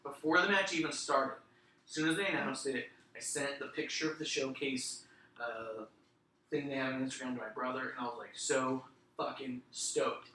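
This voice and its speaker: Male podcast host, sharp bright voice, animated swearing storyteller, echoey room and a mic a bit far off. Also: medium pitch, normal speed. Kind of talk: casual chat. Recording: roomy room, distant mic, faint noise.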